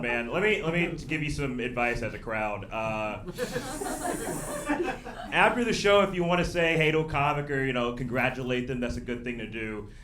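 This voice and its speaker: Young male stand-up, lively pitch, slightly distant in an echoey club over a crowd. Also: background noise. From Birmingham, Alabama. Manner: animated, punchy delivery with loud bursts. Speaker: stand-up comedian. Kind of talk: stand-up comedy set. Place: comedy club stage with audience. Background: audience laughter.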